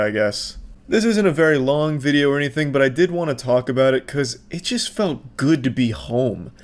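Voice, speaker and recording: A man hosting a casual reaction commentary, sarcastic and profane. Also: medium pitch. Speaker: commentary channel host.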